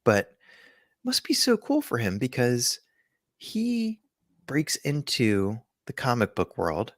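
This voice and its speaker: A man's voice: medium pitch, huge pitch swings, slow, fairly bright tone, no echo, studio quality. A man co-hosting a podcast in casual chat, telling stories in a rambling, jokey way. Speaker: podcast co-host.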